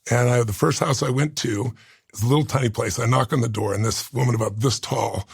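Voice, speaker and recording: Earnest gravelly man telling a story. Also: medium pitch, no echo, clean studio sound. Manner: earnest, halting, with restarts and quoted voices. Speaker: storyteller sharing a personal story. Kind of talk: emotional personal storytelling.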